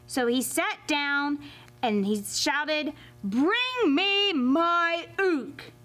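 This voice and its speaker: A woman reading a fairy tale aloud to children as a library storyteller, expressive and animated. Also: sits high. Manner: expressive and animated, addressing kids.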